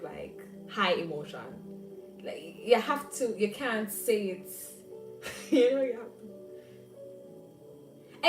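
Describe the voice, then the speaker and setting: Jamaican woman hosting a live chat, lively and laughing, roomy echo, sits back from mic, faint music. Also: medium pitch, far from the mic. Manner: animated, laughing, banters with viewers. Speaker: livestream host. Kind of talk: casual chat reading live comments.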